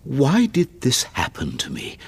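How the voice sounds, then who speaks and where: Man doing a worried middle-aged banker, quiet, hesitant, slow, husky. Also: mid-range voice, huge pitch swings, no room sound, pitched above the performer's own voice, heavily acted.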